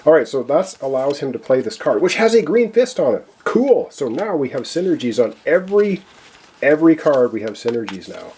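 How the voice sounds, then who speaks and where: Husky man narrating a solo board game. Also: medium pitch, brisk. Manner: excitable, exclaims and counts cards aloud. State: losing his voice. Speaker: board game player and channel host.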